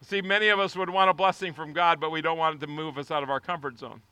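High, bright-voiced preaching pastor. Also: male voice, steady tone, fast, smooth, dry recording. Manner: passionate preaching, swinging from quiet prayer to shouting. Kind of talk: sermon.

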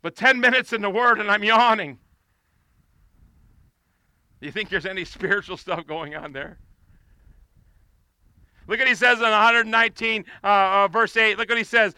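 A male preacher with a very high, piercingly bright voice, delivering an impassioned sermon outdoors. His tone is smooth and clear, the sound close and dry, and he swells into pleading shouts. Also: normal speed, pauses often, no room sound.

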